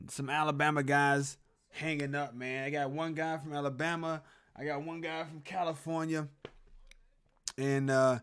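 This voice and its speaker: A young man hosts a casual sports stream from a room with a closet at home, rambling about a football game and greeting chat viewers as he reacts live. His voice is a little high with a fairly bright tone.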